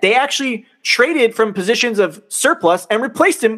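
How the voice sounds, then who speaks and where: A man's voice: very high voice, animated, moderate pace, fairly bright tone. A man co-hosting a podcast, ranting in casual talk, exasperated and swearing a lot. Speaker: podcast co-host. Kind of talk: heated casual sports rant.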